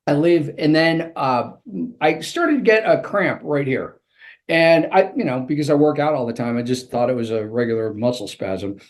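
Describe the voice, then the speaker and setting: A man's voice: medium pitch, expressive, moderate pace. A man, an author and executive coach, telling a vivid personal story as a guest in an interview.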